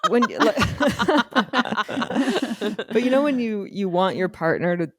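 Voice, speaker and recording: A woman co-host on a comedy podcast who giggles readily and talks in halting bursts that restart midway. Her pitch sits in an average middle range. The recording is dry and close-miked. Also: sing-song, no echo. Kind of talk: casual comedic chat. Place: podcast studio.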